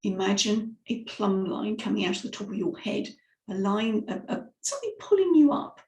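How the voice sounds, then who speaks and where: Brief: animated female speaking coach, demonstrating exercises, roomy echoey sound. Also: mid-range voice, moderate pace. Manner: lively, demonstrative, guides listeners through exercises. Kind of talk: live vocal warm-up lesson. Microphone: microphone, sometimes stepping close. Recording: roomy echo.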